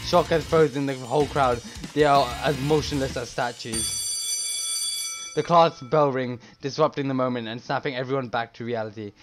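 A man reading a dating game aloud in soft, dramatic narration. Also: medium pitch, moderate pace. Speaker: game reader. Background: music.

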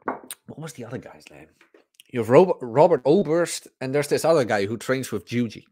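A man's voice: mid-range voice, animated, moderate pace, warm tone, breathy edge. A man hosting a podcast, ranting bluntly and profanely in a casual livestream. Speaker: podcast host.

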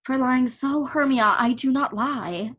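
Cast: woman as a passionate young man in love, unhurried, higher voice, declaiming verse on a video call. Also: a bit bright, husky, full character voice. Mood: earnest. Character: ardent young male lover, impulsive. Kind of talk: Shakespeare verse reading.

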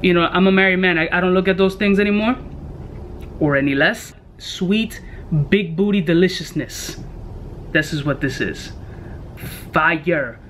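High-pitched young guy doing a loose cologne review, cussing and joking, bit of background hum. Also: a little slow, long pauses, fairly bright tone. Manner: brash, joking, profane street slang. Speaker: fragrance reviewer. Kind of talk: casual product review vlog.

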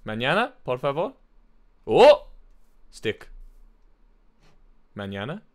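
A man's voice: medium pitch, lively intonation, moderate pace, a bit bright. A man streaming a video game, chatting playfully and joking in broken Spanish. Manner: playful, mock-Spanish banter, swearing. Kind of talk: casual live-stream chat.

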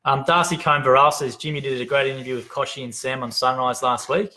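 A man's voice: medium pitch, fairly even intonation, fast talker, pushed and bright. A man co-hosting a live stream from an office desk, cheerfully reading out viewer comments and names, sometimes stumbling over how to pronounce them. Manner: upbeat, reads names aloud, stumbles on pronunciations. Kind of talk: casual live-stream chat. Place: open-plan head office.

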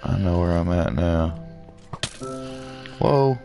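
A man's voice: deep voice, animated, slow, creaky, music in the background. A man casually commenting on his gameplay in a laid-back way, muttering little sound effects to himself as he plays. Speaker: let's play gamer.

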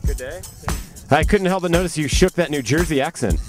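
A man's voice: fairly high pitch, brisk. Clueless man botching interviews over music. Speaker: host.

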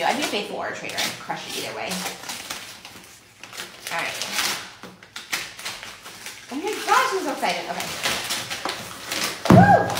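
Woman squealing over an unboxing, voice jumping all over, echoey room with a bit of hiss. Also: medium pitch. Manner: gasping, gushing, squealing with excitement. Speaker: vlogger. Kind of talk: excited unboxing vlog. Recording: echoey room, faint noise.

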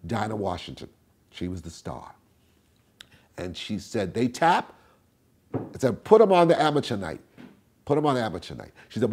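An older man with a husky, mellow voice tells stories from his past in an interview. His pitch swings widely, rising high and loud, then dropping low and soft as he acts out the people he quotes. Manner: animated storyteller, acts out quotes with big swings in pitch and volume. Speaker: interviewee, tap dancer. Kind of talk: storytelling interview.

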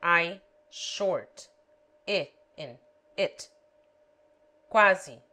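A woman's voice: fairly low pitch, expressive, extremely slow. A woman reading a language lesson aloud, spelling out letters and example words one at a time. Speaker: language teacher.

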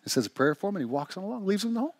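A man's voice: high voice, very fast, breathy edge, no room sound. A man preaching a sermon in church, telling stories and asking rhetorical questions. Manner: animated storytelling with rhetorical questions. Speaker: pastor.

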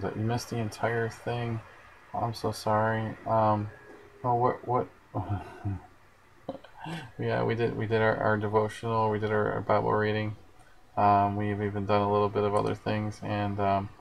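A man's voice: lowish voice, creaky, a little hiss or hum, poor audio. A man hosting a casual livestream, chatting in a rambling way and answering viewer comments as they come in. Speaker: livestream host.

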